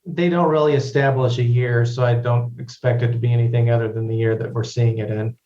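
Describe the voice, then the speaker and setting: A man guesting on a podcast, chatting casually in an easygoing, measured way. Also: mid-range voice, fairly even intonation, mellow, reverberant, dull audio. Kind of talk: casual chat.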